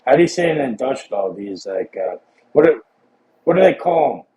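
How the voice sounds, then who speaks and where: A man's voice: medium pitch, big pitch swings, normal speed, warm tone, a little hiss or hum. A man chatting casually, joking and swearing in loose banter. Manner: swearing, joking, laid-back. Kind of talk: casual chat. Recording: dull lo-fi mic.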